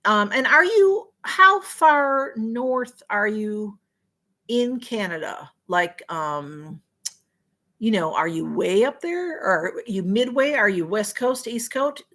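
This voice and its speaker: A woman's voice: mid-range voice, lively intonation, slow pace, sharp tone. A woman chatting her way through a casual livestream, reading out viewer comments as they come in. She talks in a friendly, rambling way, often apologizing for falling behind the chat. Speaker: livestream host.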